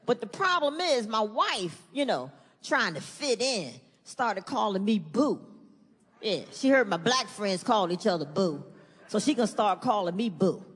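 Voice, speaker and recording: A middle-aged woman performing a profane stand-up comedy set, animated and shifting into high acted-out voices. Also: measured pace, slightly rough. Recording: live hall reverb, faint room noise.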